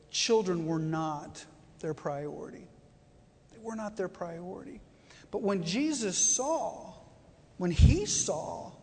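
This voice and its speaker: A guest preacher gives a conversational sermon, often repeating phrases and asking the congregation questions. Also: mid-range voice. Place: church sanctuary. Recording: long reverb of a church hall.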